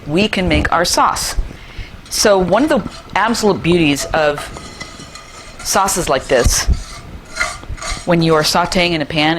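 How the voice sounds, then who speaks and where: A woman's voice: on the low side, background noise. A middle-aged woman hosting a cooking show in her kitchen, chatty and enthusiastic, with playful asides as she demonstrates a recipe.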